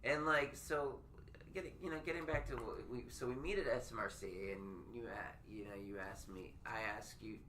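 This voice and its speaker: A man hosting a podcast in casual chat, rambling and stammering, quick to poke fun at himself. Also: medium pitch, bright, forceful tone, slight background noise. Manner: rambling, stammering, self-deprecating. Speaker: podcast host.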